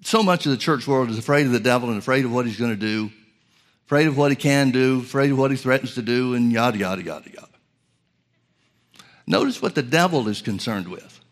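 A male preacher teaching from scripture, reading verses slowly with stress on key words and calling his listeners folks. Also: mid-range voice. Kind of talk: Bible teaching sermon.

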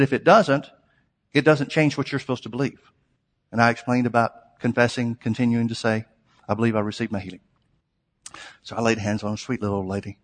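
Male preacher in an echoey hall. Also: medium pitch. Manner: conversational, anecdotal, building to emphatic exhortation. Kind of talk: sermon with storytelling. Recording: long hall reverb.

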